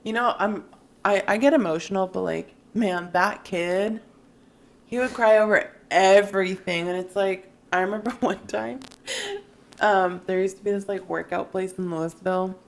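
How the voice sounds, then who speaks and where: A woman in her thirties with a gravelly, fry-touched voice co-hosts a casual podcast. She tells childhood stories animatedly and swears freely. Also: mid-range voice, steady tone, normal speed. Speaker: podcast co-host. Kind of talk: casual chat.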